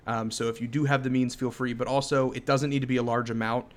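A man's voice: medium pitch, little pitch movement, fast. A man in his thirties co-hosting a podcast, chatting in an upbeat, easily amused way. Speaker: podcast co-host. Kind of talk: casual chat.

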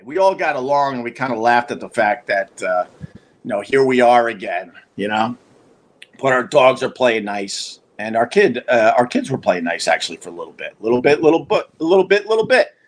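A man's voice: mid-range voice, big pitch swings, normal speed. A man hosting a livestream, telling a long casual story in a restless, self-mocking way, full of restarts and asides. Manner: wry, self-mocking humor. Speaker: livestream host.

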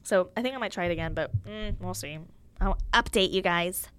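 A woman's voice: lowish voice, brisk, fairly bright tone, a little hiss or hum. A young woman hosting a podcast, talking candidly and emotionally in a casual chat full of fillers. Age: young adult. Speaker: podcast host.

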